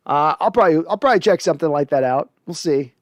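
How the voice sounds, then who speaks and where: A man's voice: on the high side, expressive, rapid-fire, no echo, studio quality. A man hosting a casual sports livestream, reading viewer comments aloud and answering them conversationally. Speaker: sports podcast host.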